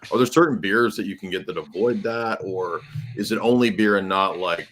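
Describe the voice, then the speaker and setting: A man with a very deep voice asks a question haltingly. He pauses and searches for his words as he goes. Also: fairly bright tone, slight background noise. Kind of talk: casual chat on a group stream.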